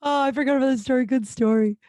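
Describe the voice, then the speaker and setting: A woman, hosting a casual solo podcast and retelling funny stories in a chatty, animated way with frequent laughs. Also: sits high, fast, no room sound. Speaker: podcast host.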